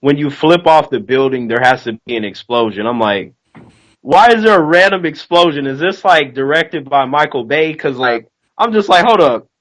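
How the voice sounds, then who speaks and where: A man's voice: a little high, moderate pace, rough recording. A man chatting casually about a TV show, telling stories animatedly and acting out the voices of people in them. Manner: animated storyteller, acts out quotes loudly. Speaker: co-host. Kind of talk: casual chat.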